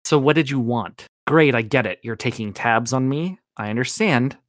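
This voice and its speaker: A man playing a tabletop role-playing game, talking in character in an excitable way. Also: medium pitch, normal speed, dry recording, clean studio sound. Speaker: player.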